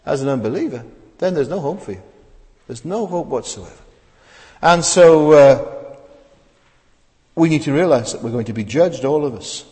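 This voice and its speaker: A male preacher delivers an earnest sermon, his pitch rising and falling in a lively way. He keeps asking the congregation rhetorical questions and stumbles into repeated restarts. The voice rings with the long reverb of a large hall. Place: church service.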